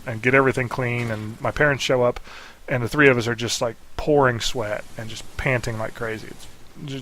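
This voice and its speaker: A young man with a voice of ordinary pitch tells a rambling family story over game footage. He laughs often, slips into quick impressions of his relatives, and keeps a loose, chatty flow. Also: a bit bright. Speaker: gaming video host. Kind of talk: casual storytelling over gameplay.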